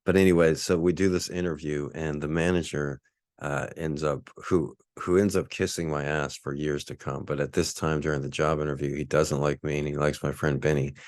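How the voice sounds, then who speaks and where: A man's voice: a bass voice, level tone, normal speed, darkish tone, dry recording, clean studio sound. A man in his forties from Texas, telling a rambling, laid-back story as a podcast host. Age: 40s. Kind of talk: casual storytelling monologue.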